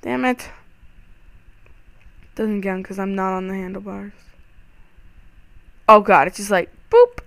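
A young man giving excitable, panicky let's-play commentary over a game, full of startled exclamations. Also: high-pitched, slow pace, vocal fry, pauses often. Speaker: gaming channel host.

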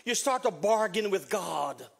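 A man's voice: high-pitched, very animated, a little slow, vocal fry, fairly bright tone, breathy edge. An older man with a Southern US accent preaching a funeral sermon, with dramatic swings in his delivery. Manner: preaching with dramatic swings, acting out quoted voices. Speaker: pastor.

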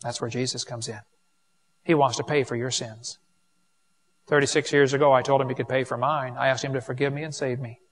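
A man's voice: medium pitch, steady tone, brisk. A man preaching an evangelistic sermon to a live audience, folksy and joking with the crowd. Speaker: creationist preacher.

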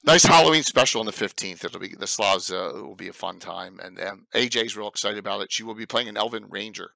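A man with a South Jersey accent hosting a casual stream chat, hoarse from illness and joking with his guests. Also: fairly low pitch, brisk, sharp tone, no echo, poor audio. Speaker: stream host.

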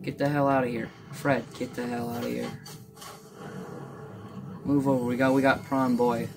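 A gamer in casual gameplay commentary, muttering playfully to themselves and to the game, with sudden excited outbursts. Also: mid-range voice, normal speed, over music. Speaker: gamer playing a survival game.

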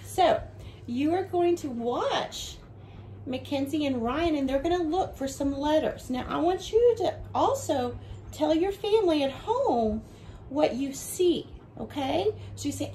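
A woman teaching a home video lesson for young children, with a bright sing-song teacher voice that goes slow and clear for the kids. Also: high voice, expressive, a little hiss or hum, rough recording.

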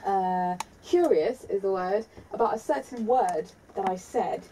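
A woman's voice: medium pitch, unhurried, dark tone, recorded from a distance, slight background noise, low-quality recording. A British woman presenting on the radio, chatting in a giggly, talkative way during a casual interview. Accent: British English.

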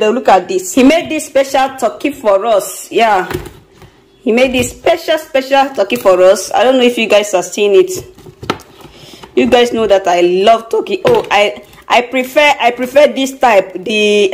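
A woman's voice: on the high side, a little hiss or hum, rough recording. Nigerian woman vlogger, casual home chat, fretful, repeats herself.

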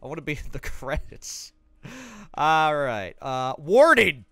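A man's voice: a little high, a little slow, a bit bright, no echo. A man streaming a game, casually reading a guide aloud with sarcastic joking asides. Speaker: gaming streamer.

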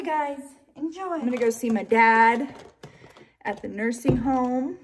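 A woman's voice: on the high side, a little hiss or hum. Chatty middle-aged woman vlogging at home. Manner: chatty, talks to her pets and viewers, self-mocking. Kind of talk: casual vlog chat. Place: home kitchen.

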